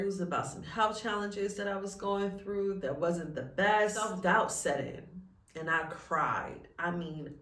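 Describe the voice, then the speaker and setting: A woman's voice: on the low side, a bit bright, roomy sound, far from the mic. Tearful woman sharing a faith-filled vlog. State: close to tears. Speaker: vlogger. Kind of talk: emotional personal vlog.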